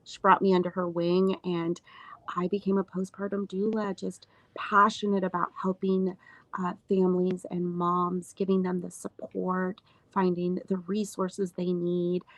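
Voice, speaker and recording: A woman postpartum doula talking as a guest in a casual interview, earnest, with many fillers and lively retelling. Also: on the low side, a little slow, no room sound, rough recording.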